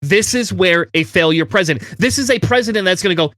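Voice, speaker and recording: Angry high-voiced man ranting. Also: quick pace, few pauses, a bit bright, dry recording, studio quality. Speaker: podcast co-host. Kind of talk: heated political discussion.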